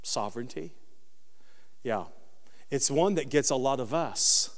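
A man preaching a sermon as pastor, dropping low and quiet, then rising into loud, high peaks. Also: animated, a little slow, in a large hall.

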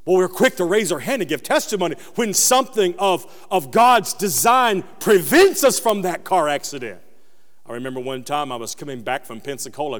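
A man preaching a sermon as pastor, dropping low and quiet, then rising into loud, high peaks. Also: long reverb tail.

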